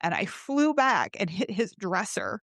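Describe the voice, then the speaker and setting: A woman's voice: medium pitch, wildly swooping pitch, unhurried, gravelly, fairly bright tone, no room sound, clean studio sound. A woman hosting a podcast, telling her own story candidly and emotionally, with swearing, and raising her voice when she acts out her past pleas. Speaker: host.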